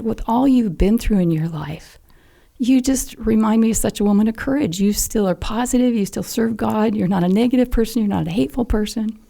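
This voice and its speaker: A woman's voice: medium pitch, gravelly, warm tone. An older woman telling a personal story as a podcast guest, earnest and heartfelt, at times dropping to a near whisper. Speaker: podcast guest, mother of a fallen SEAL.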